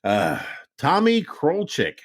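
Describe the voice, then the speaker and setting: A man co-hosting a podcast in casual banter, profane and animated, laughing easily while talking into a studio mic. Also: on the high side, takes it slowly. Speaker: podcast co-host. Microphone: studio mic with cough button.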